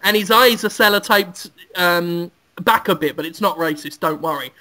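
A man's voice: high voice, moderate pace, sharp tone. A man hosting a podcast, rambling gleefully through a crude improvised comic story. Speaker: podcast host.

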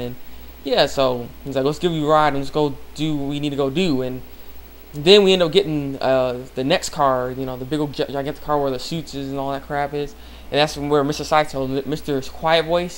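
Brief: young male fan reviewer, slightly high voice, rambling and eager, faint background hiss. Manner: rambling, eager, laughs often. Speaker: anime reviewer. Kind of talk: casual episode recap.

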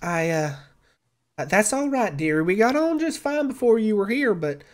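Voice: mid-range voice, very animated, moderate pace, voice pushed up, lightly acted. A game master voicing a folksy, motherly older barmaid who soothes a young worker. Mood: reassuring. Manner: homespun, soothing, calls others dearie.

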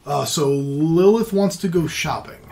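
A woman's voice: low-pitched, a little slow, mellow. Older woman running a tabletop game. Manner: chatty, laughs often, plays innkeeper lines. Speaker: dungeon master.

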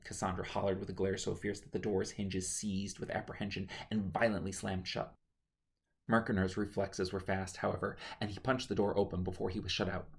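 A man reading his own novel aloud as a steady, measured audiobook narration. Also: low-pitched, vocal fry.

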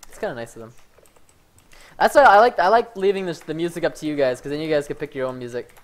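A man giving live commentary over his own gameplay, excitable and prone to yelling, with "fudge" in place of swear words. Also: on the high side, fast. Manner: excitable, yells when hyped, says "fudge" instead of swearing. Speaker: gaming streamer.

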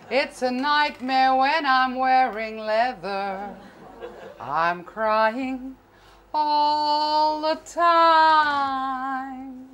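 A woman's voice: sits high, sharp tone, slight background noise, exaggerated voice. A woman doing a gushing, melodramatic girlfriend.

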